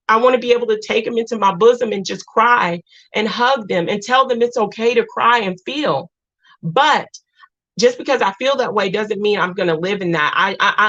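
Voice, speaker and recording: A woman's voice: medium pitch, fairly bright tone. A woman hosting a livestream, talking to viewers in a rambling, heartfelt way with lots of restarts. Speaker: live stream host. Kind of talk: emotional livestream chat with viewers. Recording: dull lo-fi stream audio.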